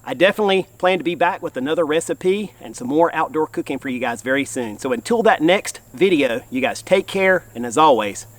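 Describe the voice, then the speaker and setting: A man's voice: fairly high pitch, animated, brisk, few pauses. Upbeat man cooking in the woods. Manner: folksy, upbeat, speaks straight to viewers. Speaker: outdoor cooking show host. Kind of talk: enthusiastic cooking vlog. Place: outdoors in the woods at a campfire.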